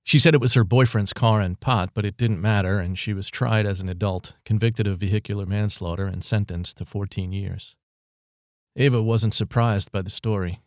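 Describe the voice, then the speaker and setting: Low-voiced male storybook narrator. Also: steady tone, moderate pace, a little mellow, dry recording, studio quality. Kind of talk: audiobook narration.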